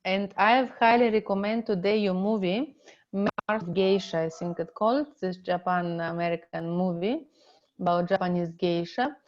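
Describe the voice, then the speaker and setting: A middle-aged woman with a Russian accent teaching an online relationship seminar in slow, halting, non-native English. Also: mid-range voice, muffled recording. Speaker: relationship coach.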